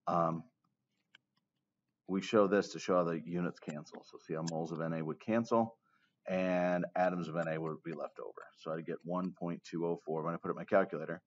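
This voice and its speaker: With a low, steady voice and a brisk pace, a man delivers a casual chemistry lecture peppered with jokey asides. He keeps checking with his class by saying "okay?", and the recording is dull and lo-fi.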